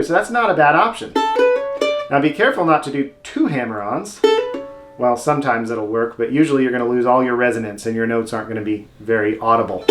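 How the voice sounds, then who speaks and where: A man teaching mandolin technique step by step, friendly and casual, with playful asides. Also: mid-range voice. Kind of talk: instructional video lesson. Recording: roomy sound with loud mandolin playing. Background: mandolin playing.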